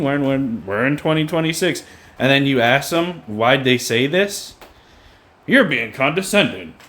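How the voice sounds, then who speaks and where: A man's voice: medium pitch, fairly bright tone. A man in a casual vlog rant, sarcastic, repeating a mocking "hello" to make his points. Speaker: vlogger.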